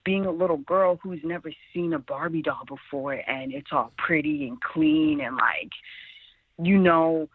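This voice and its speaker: A woman's voice: deep voice, measured pace, slightly rough, no room sound. A woman in her twenties from Sierra Leone, a guest telling her own story earnestly and often saying "like" and "really". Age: 20s. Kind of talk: personal storytelling interview. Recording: tinny phone line.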